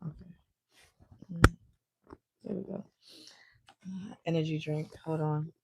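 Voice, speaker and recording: A woman's voice: sits low, fairly even intonation, slow, gravelly, very noisy. A woman chatting casually on a stream while reading a book aloud, blunt and joking, swearing freely, on a handheld mic at home. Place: indoors at home.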